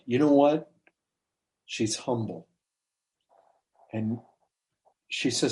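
A man's voice: medium pitch, very slow, pauses often, a little mellow. A man preaching a sermon in a conversational way, asking rhetorical questions and acting out quoted lines.

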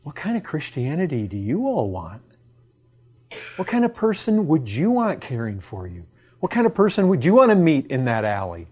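A man's voice: on the high side, wildly swooping pitch, normal speed, darkish tone, husky. A man preaching a sermon to his congregation, impassioned and full of rhetorical questions.

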